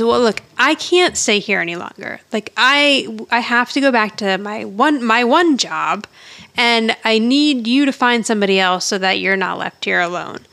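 A woman with a slightly high voice tells a story in casual chat. She talks animatedly, quotes each person in turn, and laughs often. Her delivery is relaxed and conversational. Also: gravelly. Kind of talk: casual chat recapping a TV episode.

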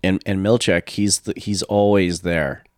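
A man's voice: sits low, fairly even intonation, unhurried, no echo, clean studio sound. A man co-hosting a podcast, chatting casually about a TV show, agreeing often and searching for words. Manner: agreeable, hesitant, many fillers and backchannels. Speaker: podcast co-host.

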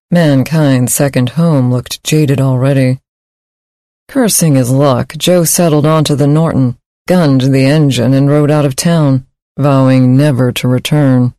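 A man reading a science fiction story aloud in measured, steady scripted narration. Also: a little high, dry recording, clean studio sound.

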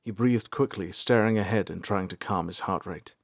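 A man reading a fantasy audiobook aloud in measured storytelling. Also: lowish voice, gravelly, no echo, clean studio sound. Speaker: narrator. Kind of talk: scripted audiobook narration.

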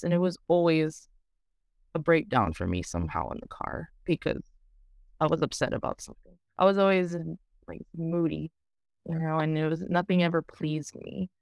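A woman's voice: sits low, animated, normal speed, gravelly, darkish tone, no room sound, studio quality. A woman talking candidly in an interview, rambling and filling her talk with "you know" and "like". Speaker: program client sharing her story.

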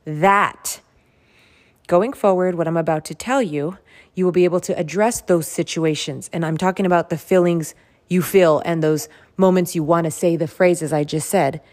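A woman with a slightly low voice talks through a self-help podcast on her own. Her delivery is earnest and emphatic, and she stacks repeated phrases to drive each point home. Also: moderate pace, darkish tone. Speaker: podcast host. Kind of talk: motivational self-help monologue.

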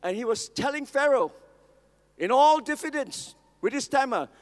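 A male preacher tells stories in his sermon and keeps asking the audience questions. His voice sits high. A long reverb of a large hall carries every line. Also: lively intonation, normal speed. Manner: storytelling, asks the audience questions.

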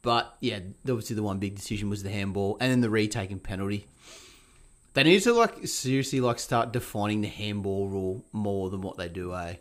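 A man co-hosting a casual sports podcast, swearing freely and telling stories in a lively, animated way. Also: fairly low pitch, brisk. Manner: swears a lot, animated storytelling with put-on quotes. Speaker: podcast co-host.

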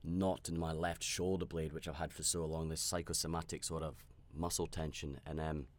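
A man with a very deep voice tells a personal story on his own podcast. He talks candidly and reflectively, often restarting his sentences and filling pauses as he rambles. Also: flat delivery. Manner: reflective and self-aware. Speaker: podcast host.

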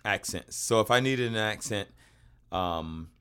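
A man hosting a casual chat, telling jokey stories in an animated way. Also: fairly low pitch, measured pace, clear, resonant tone. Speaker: host.

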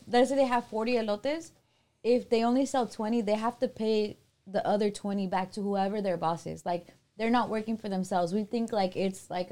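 A woman's voice: medium pitch, warm tone. A woman, co-hosting a casual podcast chat, teasing and laughing, swearing easily. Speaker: podcast co-host.

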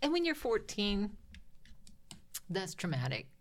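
Woman podcast co-host, medium pitch, giggly storyteller who curses casually. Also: huge pitch swings, a little slow. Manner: giggly, swears freely, storytelling. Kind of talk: casual chat.

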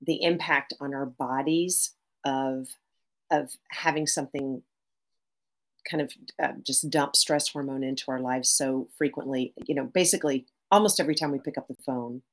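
A middle-aged woman therapist speaking as a podcast guest, animated, often restarting phrases and adding "right?". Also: very deep voice, moderate pace. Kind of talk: podcast interview.

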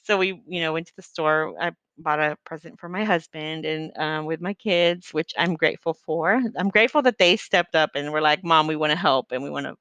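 A middle-aged woman speaks in a heartfelt, faith-based monologue, earnest and meandering with many fillers. Her voice sits a little low and sounds smooth and clear. The recording is close and dry, with no room sound. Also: moderate pace, hardly any pauses, fairly bright tone, no room sound, dull audio.

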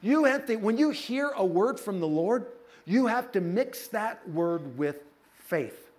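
A middle-aged man pastor preaching a sermon, telling a personal story with playful asides to his congregation. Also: high voice. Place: church.

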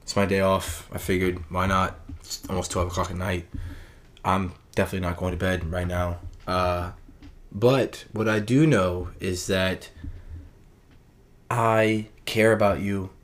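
A man's voice: sits low, fairly even intonation, measured pace. A man talking through a casual late-night monologue in a rambling, earnest way, often restarting his sentences. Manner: rambling, earnest, self-correcting.

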